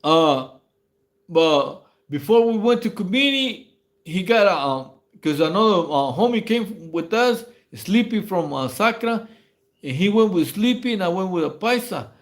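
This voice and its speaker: Man, high-pitched, rambling and stammering, casual livestream storytelling. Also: lively intonation, unhurried. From Mexico. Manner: rambling, stammering slang-heavy storytelling with frequent laughs. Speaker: livestream host. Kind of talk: casual prison stories on a livestream.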